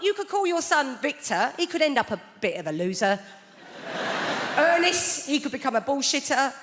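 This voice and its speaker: A woman's voice: high-pitched, fairly bright tone. A woman performing a stand-up comedy set on a large theatre stage, telling wry stories about family life. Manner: wry, conversational storytelling with acted-out quotes. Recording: theatre stage mic with long hall reverb and audience noise.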